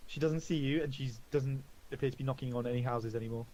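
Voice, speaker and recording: A man in a medium register running a tabletop game. He narrates casually with plenty of fillers and halting restarts, laughing along with his player. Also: medium pitch, steady tone, warm tone, a little hiss or hum, low-quality recording. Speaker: game master.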